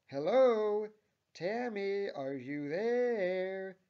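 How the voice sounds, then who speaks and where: A man voicing a loud, angry male coffee shop manager who yells threats, on a dull lo-fi recording. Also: high voice, expressive, very slow, pitched above the performer's own voice, heavily acted. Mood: yelling angrily. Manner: yelling, threatening.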